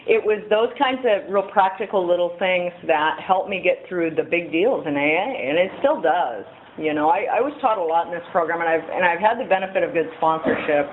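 A woman's voice: lowish voice, moderate pace. A middle-aged woman speaking at a recovery meeting, candid and storytelling. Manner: candid, storytelling, acts out quoted voices. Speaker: AA speaker sharing her story. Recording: tinny phone-like audio with faint hiss.

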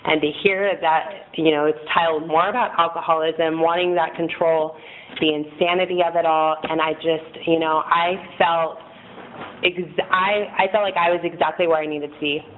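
A woman's voice: sits low, steady tone, moderate pace. Woman sharing frankly over a tinny line. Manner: rambling, frank, self-mocking, laughs at herself. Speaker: speaker sharing at a recovery meeting. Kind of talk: candid personal testimony. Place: meeting room with a group present. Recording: tinny phone-like recording, faint noise.

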